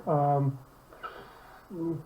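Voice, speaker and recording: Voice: medium pitch, level tone, drawn-out words, slight background noise. A student reading grammar examples aloud hesitantly, with fillers, during an online lesson. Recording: tinny phone-like line, echoey.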